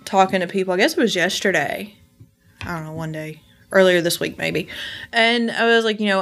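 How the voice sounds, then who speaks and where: A woman's voice: medium pitch, normal speed, fairly bright tone. A woman with a Southern country accent, chatting casually as a guest on a podcast recorded at a distillery and laughing easily. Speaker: whiskey blender guest. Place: distillery office.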